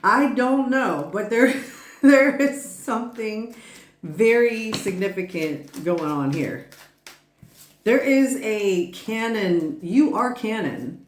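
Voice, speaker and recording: A woman's voice: medium pitch, lively intonation, slow pace, roomy sound, a little hiss or hum. A woman giving a casual tarot reading who rambles, laughs often and swears freely. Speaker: tarot reader.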